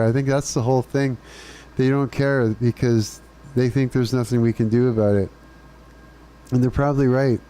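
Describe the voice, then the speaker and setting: Casual streamer guy, profane ranting, mellow low tone. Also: smooth. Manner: ranting, profane, laughing often. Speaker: live streamer. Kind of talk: casual chat with live chat.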